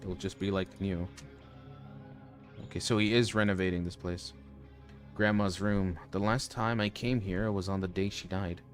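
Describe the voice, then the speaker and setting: A man streaming a horror game, reading its lines aloud with joking asides. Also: deep voice. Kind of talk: casual let's-play commentary.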